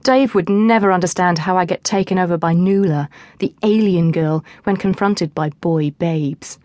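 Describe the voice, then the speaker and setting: A woman narrating a teen novel in the first person, in a lively storytelling manner, close to the mic. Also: on the low side, moderate pace, no echo. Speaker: audiobook narrator.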